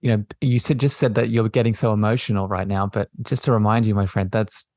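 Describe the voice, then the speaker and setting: A man hosting a podcast, talking in a gentle, affirming way and often circling back over his words. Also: on the low side, fairly even intonation, a little fast, dry recording, studio quality. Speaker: podcast host. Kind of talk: reflective spiritual conversation.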